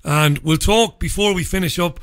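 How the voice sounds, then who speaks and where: An Irish man hosting a radio talk show, chatty and relaxed, reading out listener messages. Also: sits high, moderate pace.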